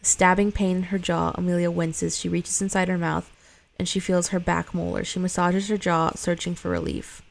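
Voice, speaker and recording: A woman's voice: on the low side, animated, normal speed, gravelly. A woman reading a screenplay aloud, stage directions and all, breaking off for blunt, sweary side comments. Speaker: script reader.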